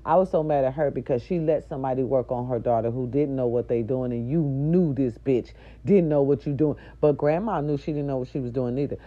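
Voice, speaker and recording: A middle-aged woman with a deep, mellow voice tells her audience a story as a loud, indignant, foul-mouthed rant. The recording sounds dull and lo-fi. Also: brisk, few pauses. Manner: loud, profane, indignant ranting. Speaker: nurse aide.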